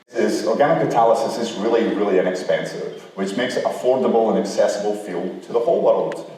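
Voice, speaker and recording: A middle-aged man giving a lecture, telling humorous anecdotes in an animated way. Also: lowish voice. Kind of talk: lecture with storytelling. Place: lecture hall. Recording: echoey hall, recorded from far off.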